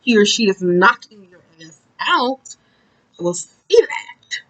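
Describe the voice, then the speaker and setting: A woman's voice: a little high, very animated, slow pace, a bit bright, poor audio. A woman giving a casual tarot card reading, talking bluntly and profanely in a chatty, rambling way. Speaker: tarot reader.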